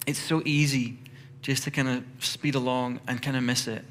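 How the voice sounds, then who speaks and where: A male pastor preaching a sermon in a loose, conversational way, with animated storytelling. His voice is bright and clear and sits at an ordinary pitch for a man. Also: moderate pace, a little hiss or hum.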